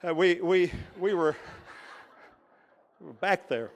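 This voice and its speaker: High-voiced preacher in a reverberant hall. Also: male voice, slow pace. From Texas. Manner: folksy storytelling with repeats and asides to the congregation. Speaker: pastor. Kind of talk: sermon. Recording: echoey hall with long reverb.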